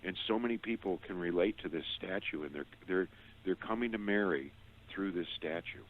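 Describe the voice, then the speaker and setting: A middle-aged man shares a personal testimony as a radio guest. His voice sits very low and comes through a narrow, tinny phone line. He talks earnestly, tripping over and repeating words. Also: normal speed.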